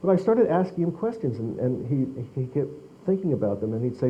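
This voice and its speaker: A man's voice: medium pitch, big pitch swings, muffled recording, a little hiss or hum. A man, an author speaking at a library talk, telling an anecdote with many restarts and repeated words. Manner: halting, repeats words as he talks. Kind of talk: anecdotal storytelling to an audience.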